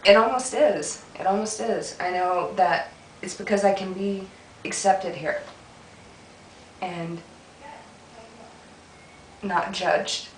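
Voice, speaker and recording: A young woman answering interview questions in a soft, halting way, tearful and often laughing. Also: medium pitch, fairly even intonation. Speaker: interview guest, dancer. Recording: echoey room, distant mic, faint noise.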